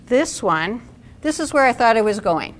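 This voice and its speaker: A woman's voice: on the high side, big pitch swings, moderate pace. A middle-aged woman giving a talk to an audience at a support event, conversational and asking the room questions.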